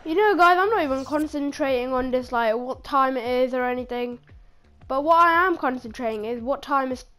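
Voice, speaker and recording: High-voiced woman yelling at a football game. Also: brisk. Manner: shouts and cheers at goals, pleads with players. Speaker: gaming video host. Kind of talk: excited live gameplay commentary. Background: game music.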